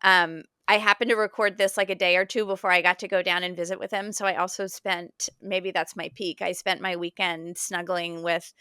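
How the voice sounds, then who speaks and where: A woman hosts a casual podcast chat, tossing in quick asides and plenty of filler words. Her voice is bright and crisp. It sits close and dry on the mic. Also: fairly low pitch, flat delivery, no room sound. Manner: chatty, quick asides and frequent "like". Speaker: podcast host.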